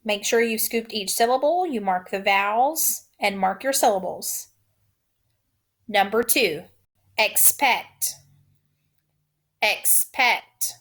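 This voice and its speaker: A woman teacher giving a recorded phonics lesson, saying each word twice in slow, drawn-out dictation. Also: medium pitch, lively intonation.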